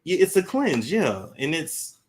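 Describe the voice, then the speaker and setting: A woman's voice: low voice, sing-song, measured pace, darkish tone. A woman of about thirty, co-hosting a talk show and chatting easily, agreeable and full of fillers. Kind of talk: casual chat.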